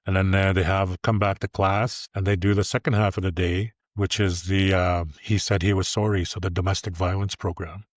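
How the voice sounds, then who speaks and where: A man's voice: sits low, dry recording. A man in his fifties, a youth treatment program leader, telling plainspoken, earnest stories in a podcast interview. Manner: earnest, plainspoken, unhurried storyteller. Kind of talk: podcast interview, personal storytelling. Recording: dull lo-fi sound.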